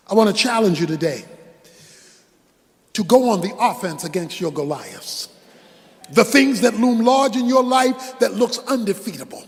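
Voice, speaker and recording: An older man preaching a sermon, impassioned and shouting for emphasis. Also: sits high, animated, normal speed, pauses often, long reverb tail. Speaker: pastor.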